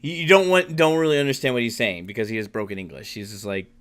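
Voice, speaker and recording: A man's voice: mid-range voice, fast talker, fairly bright tone. A man narrating as game master of a tabletop role-playing game, rambling with many restarts and fillers.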